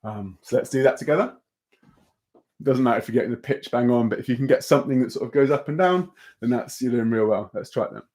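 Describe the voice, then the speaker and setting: A young man leads a beatbox workshop in a relaxed, encouraging way. He pauses often with ums and uhs and restarts his sentences. His voice sits at an ordinary middle pitch. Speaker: beatbox teacher. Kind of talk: online workshop lesson.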